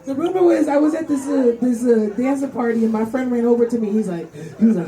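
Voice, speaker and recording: A man's voice: very high voice, fast talker, few pauses, dark tone. A man doing a loose, profane stand-up set on a live stage, laughing through his stories. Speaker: stand-up comedian. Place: live stage before an audience. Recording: live mic with crowd noise.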